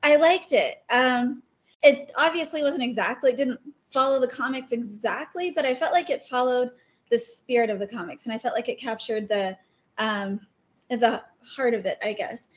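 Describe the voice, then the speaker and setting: A woman guest talking casually about her favorite writers, chatty and quick to laugh. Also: fairly high pitch. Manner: chatty, laughs often, many fillers. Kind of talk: casual interview chat.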